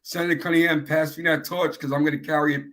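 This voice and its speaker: A man's voice: on the high side, flat delivery, fast talker, fairly bright tone, low-quality recording. A man, an editor appearing as a guest, chatting in an easygoing, upbeat way. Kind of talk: casual interview chat.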